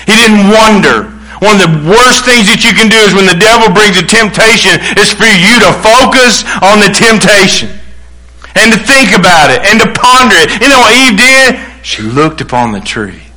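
Bright, high-pitched preaching man. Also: moderate pace, poor audio. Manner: emphatic preaching, acts out quoted voices, restarts. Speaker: pastor. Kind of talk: sermon.

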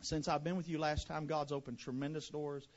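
A pastor from West Monroe, Louisiana, with a Southern accent, preaching a fiery sermon to a congregation. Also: male voice, fairly high pitch, level tone, fairly quick, lo-fi sound. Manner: fiery preaching, swinging from hushed to shouted.

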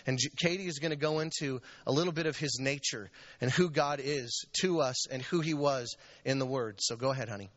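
A man's voice: mid-range voice, a little fast, fairly bright tone, dry recording, highs cut off. Man briefly introducing a speaker. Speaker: church leader introducing speaker.

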